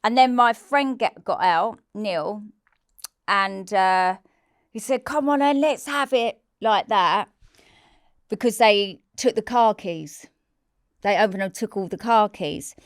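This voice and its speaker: A woman's voice: mid-range voice, takes it slowly, long pauses, clear, resonant tone, no room sound, studio quality. A woman, a podcast guest telling a personal story in a blunt, candid way and swearing freely. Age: 40s. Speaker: interview guest.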